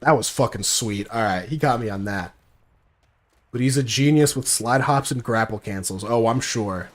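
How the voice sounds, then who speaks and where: A man's voice: mid-range voice, moderate pace. A young man giving casual gameplay commentary, brash and profane, mocking as he tells stories. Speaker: gaming streamer.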